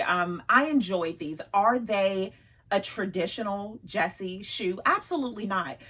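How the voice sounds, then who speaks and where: A woman's voice: medium pitch, lively intonation, moderate pace, fairly bright tone, husky. A woman vlogger chatting casually about her luxury bags, laughing often and teasing herself.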